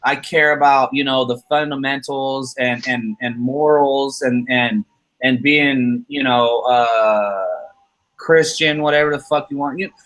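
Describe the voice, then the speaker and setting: A man's voice: mid-range voice, fairly even intonation, a little slow, a bit bright. A man in his thirties hosting a casual podcast chat, rambling, profane and heated as he vents about his kids. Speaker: channel host.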